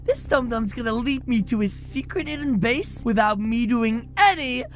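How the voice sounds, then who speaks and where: A woman narrating a role-play game, talking to viewers in an animated, excitable way. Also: a little high, normal speed.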